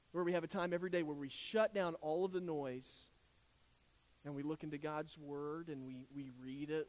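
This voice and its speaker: A male pastor, preaching an earnest, conversational sermon full of restarts and asides. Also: fairly high pitch.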